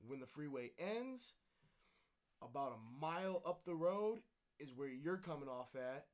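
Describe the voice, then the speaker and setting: A man's voice: a little high, lively intonation, unhurried. A young man chatting casually as a podcast co-host, rambling and swearing freely. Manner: rambling, profane, laid-back. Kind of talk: casual chat.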